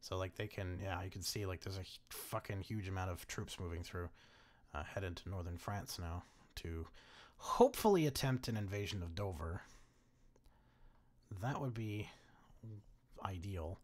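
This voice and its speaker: A man's voice: sits low, moderate pace. A young man giving casual strategy-game commentary, laughing often and swearing freely. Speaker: gaming commentator.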